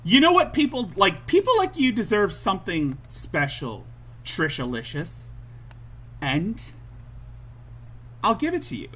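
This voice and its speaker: A man's voice: high-pitched, huge pitch swings, a little slow, long pauses, noisy background. A man hosting a livestream, reacting to clips with angry, profane ranting. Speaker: livestream host.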